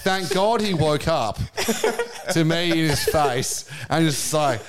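Young bloke, podcast co-host, casual rambling storyteller who laughs easily. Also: male voice, a little high, expressive, takes it slowly, crowd noise. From Australia. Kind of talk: casual chat.

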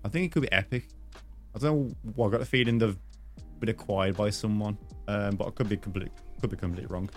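A man's voice: on the low side, fast talker, faint music behind. A man hosting a podcast in casual chat, rambling with lots of fillers and teasing his guest. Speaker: podcast host.

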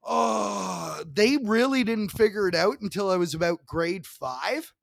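A man with a high voice, a gravelly edge and a dry, close sound. He jokes loosely and laughs often while telling stories as a podcast guest. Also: expressive, a little slow, fairly bright tone, no echo. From Ontario, Canada. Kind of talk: casual podcast banter.

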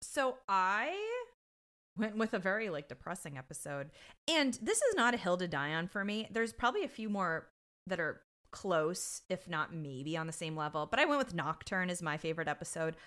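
A woman's voice: on the low side, moderate pace. A woman co-hosting a podcast, chatting casually and jokily while recapping a TV season, swearing freely. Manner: animated, jokey, swears freely. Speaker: podcast co-host.

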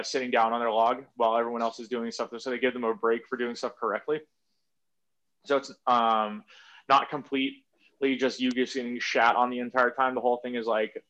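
A man's voice: mid-range voice, fairly bright tone. A man telling stories in a loose, rambling way, full of fillers and casual swearing. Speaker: guest. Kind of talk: casual conversation. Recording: slightly muffled audio.

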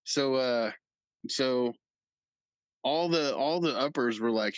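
Male guest, mid-pitch, halting and chuckly, dry close mic. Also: dry recording, dull audio. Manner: hesitant storyteller, many fillers, chuckles. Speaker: podcast guest. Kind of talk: casual chat.

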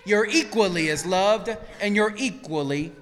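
A male pastor preaching a sermon, swinging between hushed lines and shouted peaks. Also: high-pitched, a little slow, long reverb tail, slight background noise. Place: church sanctuary.

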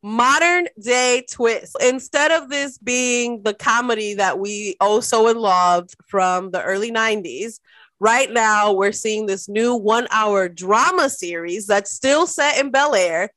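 Upbeat woman co-host, slightly higher voice, dry close sound. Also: unhurried, a bit bright, no room sound. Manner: upbeat, reads news items conversationally. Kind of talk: casual entertainment chat.

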